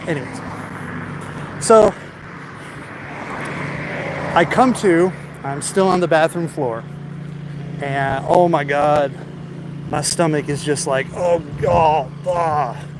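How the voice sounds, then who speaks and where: Rambling man on a noisy street. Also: fairly high pitch. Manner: rambling, stammering, laughs often. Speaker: vlogger. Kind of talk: rambling storytelling while walking. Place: outdoors on a city street. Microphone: phone held while walking. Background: street traffic noise.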